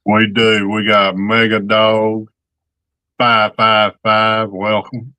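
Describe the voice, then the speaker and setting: Slow-talking Georgia man, bright voice. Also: on the low side, little pitch movement, no room sound. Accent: Southern US (Georgia). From Georgia, USA. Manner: slow, drawling, greets viewers by name. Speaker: co-host of a relics livestream. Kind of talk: casual livestream chat. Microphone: desk mic, typing nearby.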